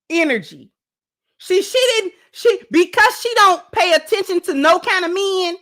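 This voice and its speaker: A woman's voice: very high voice, bright, forceful tone. A woman host giving sassy, emphatic reaction commentary on a dating clip and talking straight to her viewers.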